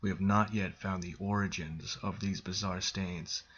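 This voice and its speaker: A man narrating a creepypasta reading in a flat, measured way. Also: sits low, husky, lo-fi sound.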